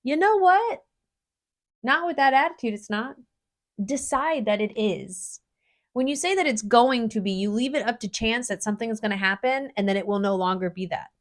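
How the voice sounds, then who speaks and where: A woman's voice: a little high, animated, normal speed. A woman co-hosting a casual podcast, talking bluntly and animatedly and swearing casually. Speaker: podcast co-host.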